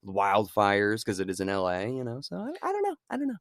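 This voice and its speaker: Man, lowish voice, lively swooping pitch, dry close mic, podcast co-host, laughing casual chat. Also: dry recording. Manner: animated, laughing, quick asides and quoted voices. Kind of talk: casual movie-review chat.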